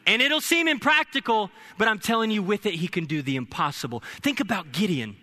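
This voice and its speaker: A young adult man preaching a sermon as pastor, lively and humorous, building at times to shouting. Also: high voice, fairly quick. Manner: energetic preaching with humorous asides.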